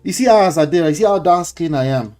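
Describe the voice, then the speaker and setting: A man's voice: a little high, lively intonation, quick pace, a little mellow, soft background music. A man with a Nigerian accent hosting a casual commentary show, lecturing his viewers, repeating his points and dropping in pidgin words. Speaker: host.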